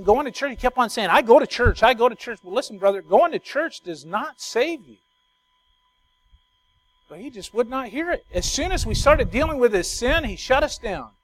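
A man preaching a sermon, explaining a verse and stressing key words slowly and emphatically. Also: high-pitched, low-quality recording. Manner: builds from quiet storytelling to loud emphatic preaching.

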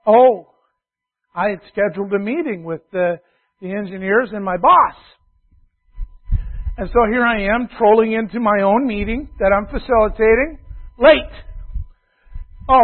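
A man preaching a sermon, telling a confessional story and swinging between loud bursts and quiet asides. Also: sits high. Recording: tinny phone-like radio broadcast.

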